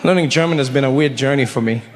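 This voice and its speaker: A man telling a story as a stand-up comedian, animated and acting out voices, on stage in a large hall. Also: mid-range voice, fast talker, a faint crowd, a little hiss or hum.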